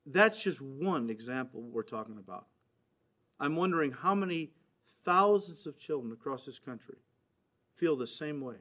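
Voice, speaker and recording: A man preaching a sermon in an earnest tone, building to emphatic points and dropping to grave, quiet passages. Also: fairly high pitch.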